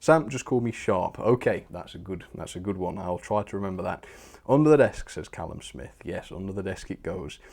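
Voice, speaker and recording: A man's voice: deep voice, a little fast, vocal fry, hardly any pauses, a little mellow. A young man hosting a model railway live stream, chatting cheerfully and thanking viewers, with fillers and little laughs. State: a bit out of breath.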